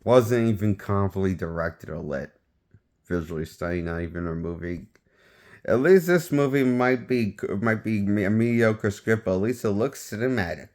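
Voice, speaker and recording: A man's voice: on the low side, moderate pace, darkish tone. A man giving a casual spoken movie review, rambling and often restarting his sentences as he shares offhand opinions. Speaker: film reviewer.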